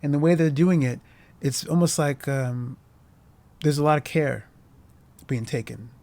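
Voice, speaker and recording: A man's voice: fairly high pitch, unhurried, dark tone. A man casually discussing a short film as host, earnest and emotionally moved, rambling with many restarts and fillers.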